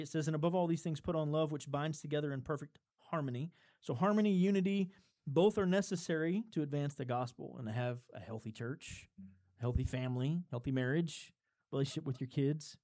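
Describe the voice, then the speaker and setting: A man's voice: fairly high pitch, warm tone. A man preaching a sermon in a conversational way, building up to emphatic points and chuckling between them. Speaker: pastor.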